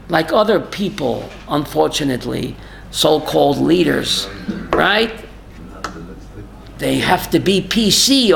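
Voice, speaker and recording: A man's voice: high voice, gravelly, fairly bright tone, slight background noise. A man giving a rabbi's Torah class, emphatic, firing rhetorical questions and calling on listeners by name.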